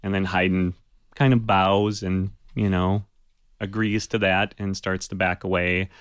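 A man's voice: low voice, level tone, measured pace, clean tone, no echo. A man narrating a tabletop game as game master, in a loose, conversational way with frequent fillers.

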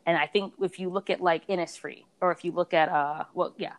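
Chatty woman telling stories, lively. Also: lowish voice, a little fast. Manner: animated storytelling, acts out others' voices. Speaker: beauty reviewer and blogger. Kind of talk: casual conversation.

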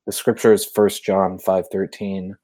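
A man co-hosting a podcast, talking in a laid-back way with quick asides. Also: low-pitched, level tone, mellow, no room sound. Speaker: podcast co-host. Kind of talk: casual chat.

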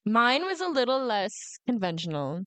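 A woman's voice: fairly high pitch, normal speed, clean tone, no room sound. A young woman in her twenties co-hosting a casual podcast, telling stories with frequent giggles. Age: 20s. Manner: giggly, animated storytelling. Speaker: podcast co-host. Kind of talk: casual chat.

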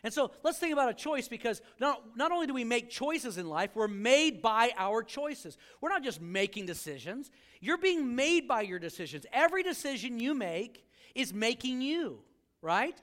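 A man's voice: extremely high pitch, big pitch swings, moderate pace, a bit bright. A male pastor preaching a sermon to a live congregation, joking and acting out quoted voices as he talks.

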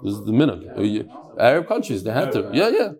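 A man's voice: on the low side, big pitch swings, fast, vocal fry, crowd noise. A man teaching a Talmud class, reading Aramaic lines and explaining them in English with jokes. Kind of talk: Gemara class explaining text.

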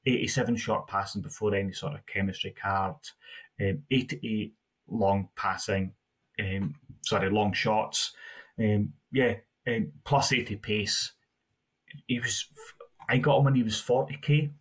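A man co-hosting a gaming podcast with a husky, lowish voice. He rambles and restarts, rattling off player numbers in a loose, conversational way. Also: fairly bright tone. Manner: rambling, restarts often, lists stats. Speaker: podcast co-host. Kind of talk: casual gaming podcast chat.

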